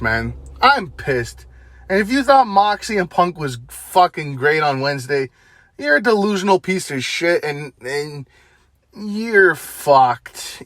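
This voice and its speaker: A young man vents in a heated, profane rant, his voice sitting a little high for a man. The sound is close and dry, with no room around it. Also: a bit bright, dry recording. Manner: heated, profane, exasperated ranting. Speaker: wrestling commentary vlogger. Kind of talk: ranting opinion vlog.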